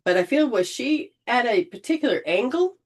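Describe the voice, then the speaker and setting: A woman leading an informal spiritual healing session, gently coaching and often restarting her sentences. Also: on the high side, expressive, moderate pace. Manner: rambling, with frequent restarts and throat clearing.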